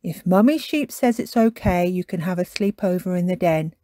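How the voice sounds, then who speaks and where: A woman reading a storybook aloud and voicing a patient father pig who speaks calmly and gently coaxes. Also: fairly low pitch, normal speed, no echo, studio quality, close to an everyday voice. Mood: kindly.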